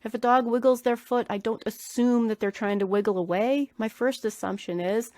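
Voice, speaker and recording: A woman's voice: fairly high pitch, moderate pace, few pauses, mellow, no room sound. A woman hosting a solo podcast that teaches dog grooming. She coaches earnestly and repeats key words for emphasis.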